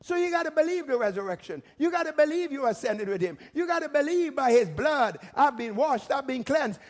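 High-voiced man preaching emphatically. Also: lively intonation, fairly quick. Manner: emphatic preaching with rhetorical questions, rising to shouts. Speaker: pastor. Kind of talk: sermon.

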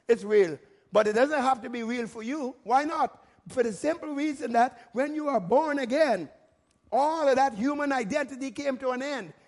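A male pastor preaching a sermon emphatically, firing rhetorical questions and rising to shouts. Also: very high-pitched.

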